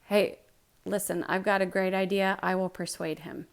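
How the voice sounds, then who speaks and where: A woman's voice: mid-range voice, flat delivery, moderate pace, gravelly, clean tone, lightly acted. A woman voicing a scheming spirit that eagerly volunteers its plan.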